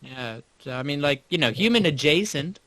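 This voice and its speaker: A man's voice: on the high side, lively intonation, normal speed, fairly bright tone, no room sound. A man playing a tabletop game, talking in a hesitant, stammering, wry way. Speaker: player. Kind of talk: casual tabletop role-play.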